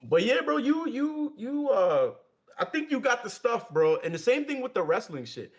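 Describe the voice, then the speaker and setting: High-pitched, animated man hyping a friend. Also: moderate pace. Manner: encouraging, profane, hypey. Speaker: co-host. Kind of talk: casual stream chat.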